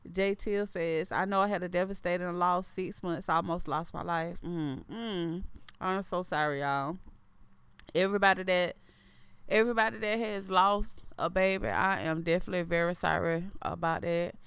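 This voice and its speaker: Smooth-voiced woman chatting on a livestream. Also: on the low side, moderate pace, a bit bright, no room sound. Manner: talkative, loose, often repeats and restarts phrases. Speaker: livestream host. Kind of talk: casual livestream chat reading viewer comments.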